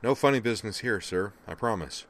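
A decisive young male cadet captain rallying his crew, as an audiobook narrator puts him on. His voice sits a little higher and louder than the narration, crisp and businesslike. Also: expressive. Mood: brisk. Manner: brisk, decisive.

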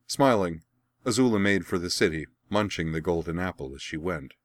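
A man narrating a fan fiction story as an audiobook, with an even, wry storytelling manner. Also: sits low, normal speed, dry recording.

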